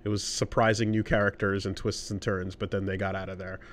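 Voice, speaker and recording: A man's voice: deep voice, flat delivery, brisk. A man co-hosting a podcast in a laid-back way, dropping dry interjections. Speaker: podcast co-host. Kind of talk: casual podcast chat.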